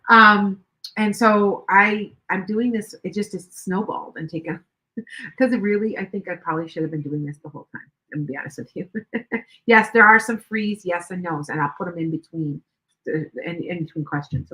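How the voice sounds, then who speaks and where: An older woman hosts a tarot livestream, her voice fairly low, bright, and forceful. She chats casually and rambles, restarting often, and the recording is rough.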